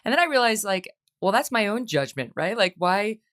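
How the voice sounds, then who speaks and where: A middle-aged woman hosting a talk show, chatting casually and telling lively stories in which she acts out quoted voices. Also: mid-range voice, a little fast. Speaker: host. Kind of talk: casual chat.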